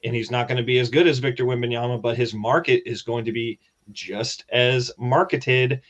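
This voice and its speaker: Relaxed, confident male podcast co-host. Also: medium pitch, normal speed, lo-fi sound. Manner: relaxed and confident, gives blunt opinions. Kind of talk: casual podcast chat.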